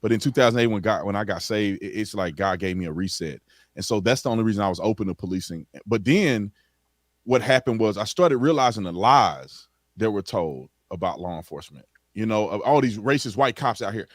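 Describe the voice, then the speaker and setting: A man's voice: fairly low pitch, animated, brisk, dry recording, studio quality. A man who is a former police officer, answering interview questions in a frank, plain-spoken way with casual slang.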